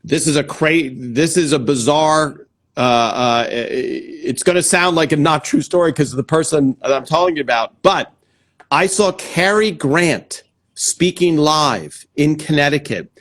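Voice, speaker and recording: A man's voice: on the high side, a little slow, a bit bright. A man hosting a casual interview over a video call, chatty and enthusiastic. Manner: enthusiastic, chatty, laughs easily. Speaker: host.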